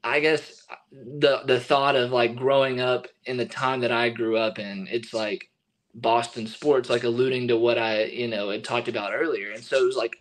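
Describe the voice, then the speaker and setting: A young man, a baseball pitcher being interviewed, telling a story in a relaxed way full of fillers and restarts. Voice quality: relaxed, filler-heavy with many likes and restarts. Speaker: guest, baseball relief pitcher.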